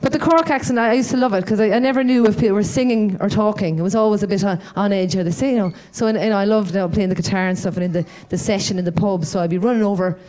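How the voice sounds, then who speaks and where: An Irish woman doing a stand-up comedy set on a live stage with a handheld mic, rambling and self-deprecating with dark humour. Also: mid-range voice, racing, hardly any pauses.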